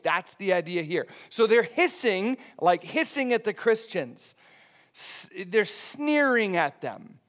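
A middle-aged man delivers a sermon in an easygoing, conversational way, often checking in with his listeners. His voice sits noticeably high for a man. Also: slow. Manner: conversational, animated, often asking "right?". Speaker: pastor.

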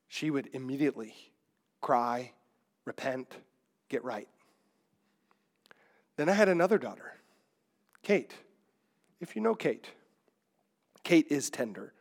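A middle-aged man, a pastor, preaching a sermon in a conversational, digressive way with many restarts. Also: mid-range voice.

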